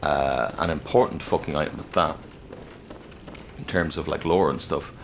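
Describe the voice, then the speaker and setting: A man's voice: a bass voice, moderate pace, a little hiss or hum. A man hosting a gaming channel, rambling casually about game lore while playing and swearing freely. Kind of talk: let's-play commentary on game lore.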